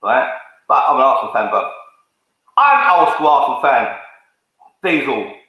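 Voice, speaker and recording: Recorded in a very echoey room, a man with a medium-pitched, animated, sharp voice rants angrily to camera at a normal speed for his fan channel. He's confrontational and repetitive, cursing and calling people out.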